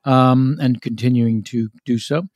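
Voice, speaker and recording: A man's voice: medium pitch, steady tone, unhurried, darkish tone, dry recording, clean studio sound. A man hosting a comedy podcast, chatting casually and reading out listener mail, often interrupting himself. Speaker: podcast host.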